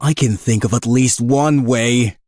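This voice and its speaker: A man voicing a dry, sarcastic young male secret agent in an animated story. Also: medium pitch, a little slow, dry recording, natural voice. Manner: dry, teasing, deadpan.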